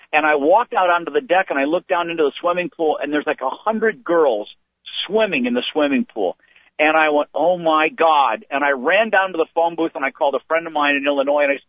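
An older man tells long, rambling stories with an animated, slightly high voice. His voice is dry and close, squeezed through a tinny phone line. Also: no room sound. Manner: rambling, animated storytelling with restarts. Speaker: comedian guest. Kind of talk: anecdotal storytelling. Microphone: phone call.

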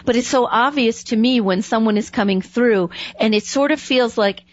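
A woman hosting a conversational interview, an animated storyteller who laughs often. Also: a little high, normal speed, dry recording, dull audio. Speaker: host.

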